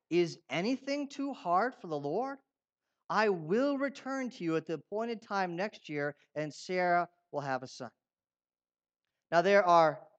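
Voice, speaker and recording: A man preaching a sermon, swinging between loud declarations and quiet asides, putting questions to his congregation. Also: on the high side, dull audio. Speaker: pastor. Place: church.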